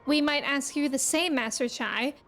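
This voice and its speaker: A woman's voice: sits high, moderate pace, fairly bright tone, soft background music. A woman reading the lines of a poised, courteous young noble envoy in a fantasy game, in a formal, polite way.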